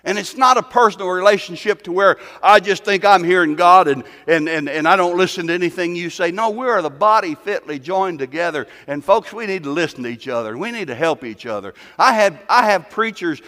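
A man with a high voice delivers a folksy sermon, firing off rhetorical questions and stumbling over repeated words. His voice rings with the long reverb of a large hall. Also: a little fast, few pauses, bright, forceful tone. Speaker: pastor.

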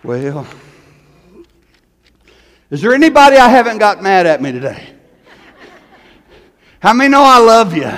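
A man preaches with fervor, his voice sitting high and pushing into shouted peaks. A long reverb trails each phrase through the church hall. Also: sing-song, measured pace, pauses often. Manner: fervent, rising to shouted peaks, folksy repeats of "man". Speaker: pastor. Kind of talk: sermon.

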